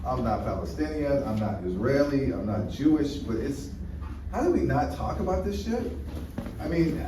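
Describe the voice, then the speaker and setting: An American stand-up comedian rambles through a crude set, full of fillers and restarts, in a medium-pitched, very animated voice at normal speed. An echoey room mic picks him up from a distance, with faint noise.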